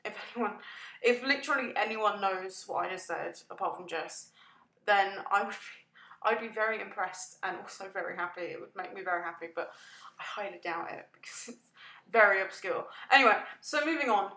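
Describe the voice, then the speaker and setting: A woman's voice: medium pitch, a little fast, bright, forceful tone. A woman chatting through a casual voice-over, rambling and self-deprecating, laughing and yawning often. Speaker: gaming video creator narrating a build. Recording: echoey room.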